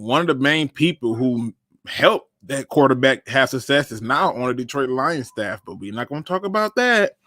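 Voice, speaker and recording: A man hosting a casual sports fan show, talking straight to viewers with emphatic, animated commentary. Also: mid-range voice, dry recording, studio quality. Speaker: sports podcast host.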